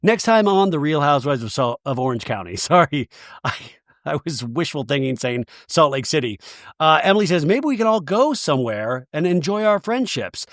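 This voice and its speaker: A man's voice: on the high side, normal speed, dry recording, clean studio sound. A man hosting a podcast, recapping a reality show in a casual, comic way and acting out the cast's lines. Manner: animated, quotes cast members in exaggerated voices, swears.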